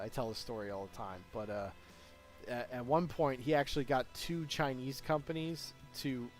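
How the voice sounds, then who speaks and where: In a laid-back live stream chat, a young man with a medium-pitched, slightly mellow voice tells long, meandering stories. He fills them with verbal fillers and keeps breaking into laughter.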